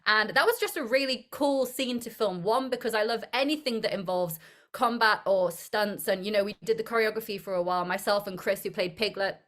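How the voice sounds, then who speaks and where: This is a young woman, an actor interviewed as a guest. She talks casually and tells her stories with animated energy, laughing often as she goes. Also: mid-range voice, brisk.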